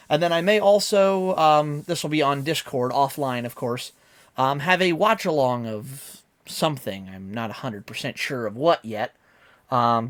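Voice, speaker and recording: A man streaming live who chats casually with his viewers, rambling and filling pauses with lots of ums and uhs. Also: a little high. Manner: rambling and talkative, many fillers.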